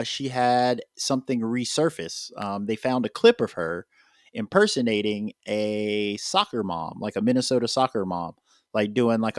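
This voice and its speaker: A man's voice: mid-range voice, no room sound, studio quality. A man hosting a casual podcast chat, rambling with lots of filler words and restarts. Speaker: podcast host.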